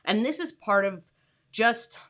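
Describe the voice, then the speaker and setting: Bright-voiced chatty woman streaming from home. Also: fairly high pitch, expressive, a little slow. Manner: chatty, many fillers, greets viewers by name. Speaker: freelance writing coach hosting a livestream. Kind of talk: casual livestream chat. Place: home, with her dogs nearby.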